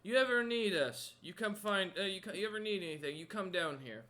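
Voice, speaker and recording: A man voicing a huge male frost giant raider who talks loud and blunt, gruff but respectful. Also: sits high, animated, brisk, voice pushed up. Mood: gruffly friendly.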